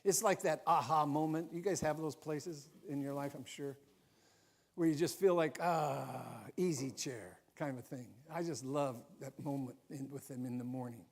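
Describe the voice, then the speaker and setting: A man's voice: on the high side, normal speed, a little mellow. An older man, a grandfather, preaching a folksy, conversational sermon in a church, with personal asides. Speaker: pastor.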